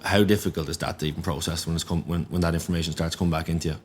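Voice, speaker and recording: A man's voice: deep voice, fairly even intonation, very fast, a little hiss or hum. A man hosting a podcast interview, asking short supportive questions. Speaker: podcast host.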